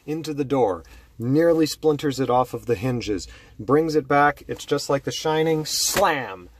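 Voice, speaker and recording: A man telling a horror story slowly and dramatically, dropping low and hushed to build tension. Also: slight background noise.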